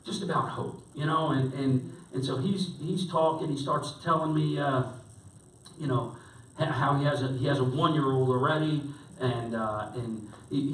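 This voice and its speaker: A man's voice: mid-range voice, a little hiss or hum. Man, pastor, conversational sermon storytelling, rambling restarts, echoey hall, distant mic. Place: church hall.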